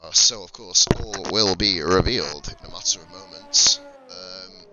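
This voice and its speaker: A man's voice: low voice, unhurried, over music. A man from England with a slight lisp, giving blunt, sweary live commentary on a sim racing stream into a desk mic.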